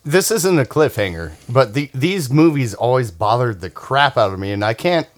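A man's voice: medium pitch, animated, moderate pace. A man, an actor guesting on a podcast, dropping dry joking asides in casual chat.

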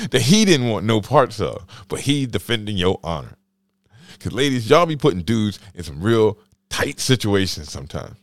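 Man, very deep voice, slangy rambling storyteller, dry close recording, solo podcast host. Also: no echo.

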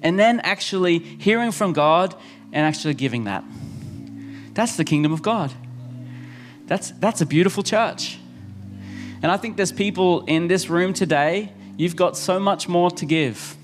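Guy pastor preaching, pretty high voice, keeps repeating his point, faint music behind. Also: unhurried. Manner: earnest, repeating key phrases for emphasis. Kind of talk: sermon. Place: church service.

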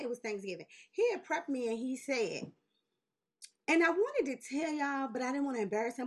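A woman in her forties telling a long story in casual chat, animated and swearing, laughing as she goes and jumping high when she quotes people. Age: 40s. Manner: jumps high in pitch when quoting people. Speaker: podcast host.

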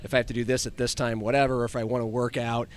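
A man hosting a casual sports podcast, who talks haltingly with many restarts. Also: medium pitch, little pitch movement. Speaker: podcast host.

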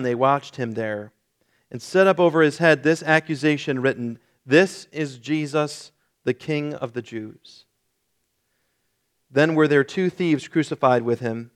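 A male pastor reading a long scripture passage aloud during a sermon, in a solemn, measured way. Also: medium pitch.

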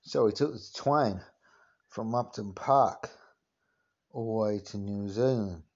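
A man's voice: lowish voice, slow, highs cut off. A man putting on a crude, swaggering cockney geezer voice for a comic podcast monologue, rambling and packed with filler phrases. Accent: Cockney, put on. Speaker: podcast host.

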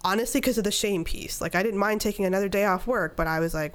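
A woman's voice: fairly low pitch, fairly even intonation, fast talker, hardly any pauses, clear, resonant tone. A woman in her thirties, a podcast guest, telling a personal story in casual conversation and acting out her own inner dialogue.

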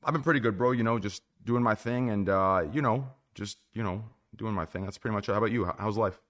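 A man hosts a casual group podcast in a somewhat low voice. He jokes and rambles as he introduces the cast, often trailing off and restarting. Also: fast talker, fairly bright tone. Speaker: podcast host.

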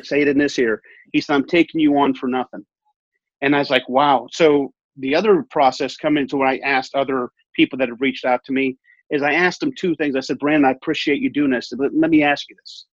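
Man, 30s, animated storyteller, acts out quotes, dry muffled sound. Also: medium pitch, fairly quick, dry recording. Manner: animated, acts out quoted dialogue, repeats phrases. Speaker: guest telling his weight-loss story. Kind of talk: casual storytelling in an interview. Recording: muffled lo-fi audio.

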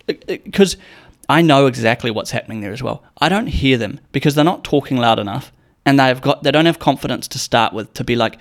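Quick-paced and mid-range, a young man's voice carries his casual solo podcast. He's rambling and jokey, curses freely, and dramatizes the lines he quotes.

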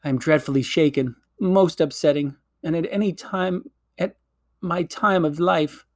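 Man playing a shaken, fussy old gentleman. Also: fairly high pitch, voice pushed up, lightly acted. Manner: slow, fussy, muttering to himself.

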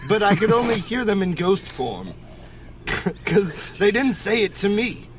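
A man's voice: sits high, sing-song, a little slow, a little hiss or hum. A man playing the aggrieved ghost of a murdered man, complaining in a joking way.

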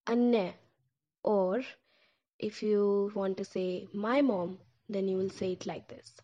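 A woman's voice: mid-range voice, takes it slowly, pauses often, warm tone. A woman teaching a language lesson, saying each word several times and breaking it into syllables. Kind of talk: slow, drilled language lesson. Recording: dull lo-fi recording.

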